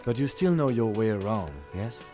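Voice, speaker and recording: A man voicing a calm, formal male police lieutenant in a video game, speaking in a measured, polite way. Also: fairly low pitch, over music, voice pushed up, lightly acted.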